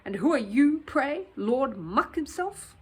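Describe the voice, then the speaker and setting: A woman's voice: high-pitched, sing-song, slow pace, darkish tone, husky, pitched above the performer's own voice, exaggerated voice. A woman voicing a stern, sarcastic male factory gatekeeper in uniform, in a storybook reading. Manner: sarcastic, scornful.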